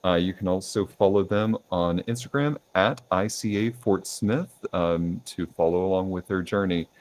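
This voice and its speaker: A young man hosting a podcast, asking questions in a relaxed way with many ums and uhs. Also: deep voice, normal speed. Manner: relaxed, lots of fillers like um and uh. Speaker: podcast host. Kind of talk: casual interview questions.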